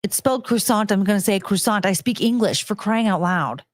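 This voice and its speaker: A woman's voice: medium pitch, a little fast, dry recording, studio quality. An American woman hosting a casual livestream, ranting loosely and swearing as she talks to her chat. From United States. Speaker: streamer host.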